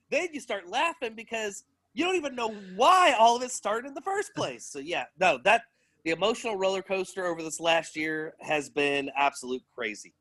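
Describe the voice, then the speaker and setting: Candid self-mocking man, fairly high. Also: very animated, normal speed, pushed and bright. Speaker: podcast guest. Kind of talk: casual chat.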